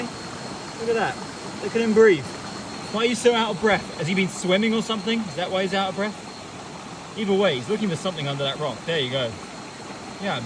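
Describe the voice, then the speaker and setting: A young man hosting a vlog, chatting excitedly and casually as he films outdoors at night by a forest stream. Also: a little high, noisy background. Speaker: vlog host. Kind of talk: casual on-the-spot field commentary.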